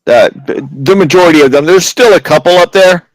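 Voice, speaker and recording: A man narrating a tabletop game as game master, halting and dramatic with many restarts. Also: high-pitched, rough recording.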